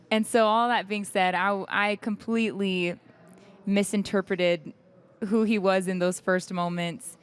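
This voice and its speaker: A young singer talks openly in a casual backstage interview at an event, sharing stories and laughing frequently. She speaks a little slowly in a mid-range voice with fairly even intonation and a clean tone.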